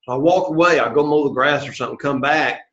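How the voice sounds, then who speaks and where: A man leads a classroom lesson, patient and encouraging, heaping on praise. His voice sits a little high. The recording is dull and lo-fi, with a roomy echo. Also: quick pace, a bit bright. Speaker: Greek teacher. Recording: echoey room, dull lo-fi sound.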